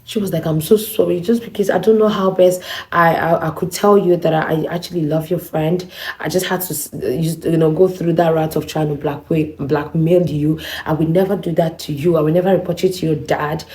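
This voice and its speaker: A woman's voice: sits low, steady tone, fairly quick, darkish tone. A young woman vlogger telling a personal story to her viewers, acting out both sides of a quarrel. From Nigeria. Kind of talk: storytelling to camera.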